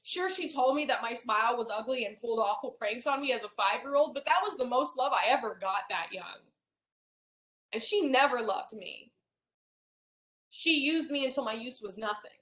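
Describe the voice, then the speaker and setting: A young woman with a slightly high voice tells a painful personal story. She halts often and restarts with fillers. The recording has a roomy echo. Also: lively intonation, a bit bright. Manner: halting, many fillers and restarts. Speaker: hypnosis client. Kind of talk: emotional personal account.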